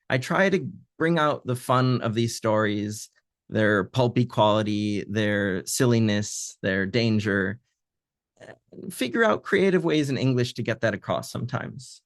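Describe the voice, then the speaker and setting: Man translator leading an online reading session, mid-pitched, unhurried, full of fillers, dry video-call sound. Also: no echo. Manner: thoughtful, hesitant, many fillers.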